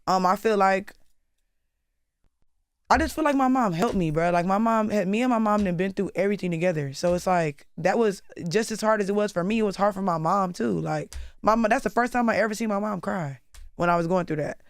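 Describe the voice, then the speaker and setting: A woman's voice: medium pitch, a little fast, no echo, clean studio sound. Blunt young woman. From Atlanta. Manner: blunt, profane, rambling with many fillers. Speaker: rapper guest. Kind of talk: candid interview talk.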